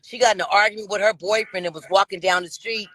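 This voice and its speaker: A woman's voice: mid-range voice, fairly even intonation, fast, a bit bright, dry recording, low-quality recording. A self-assured woman in her late fifties talks as a guest on a dating show, drawling and circling back to the same boasts. The sound is close and dry, with no room around it. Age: 50s. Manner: brash, drawling, self-assured, repeats herself. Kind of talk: boastful interview answers.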